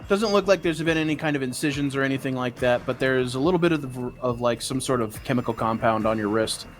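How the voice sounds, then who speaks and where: A game master narrating a tabletop session in a relaxed, filler-heavy way. He is a man with a middling pitch, and soft music plays underneath. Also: fast.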